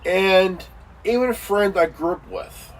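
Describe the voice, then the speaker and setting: Man, rant casual, profane; high voice, slow delivery, full of repetition and filler words. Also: far from the mic, poor audio. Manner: repetitive, heavy fillers like "you know" and "man"; crude, swearing, insulting.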